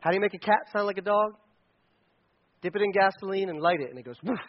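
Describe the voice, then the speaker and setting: Male preacher, high voice, casual storytelling sermon, playful and animated, muffled lo-fi sound. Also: fast. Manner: animated, acts out characters' lines with jokes and laughs.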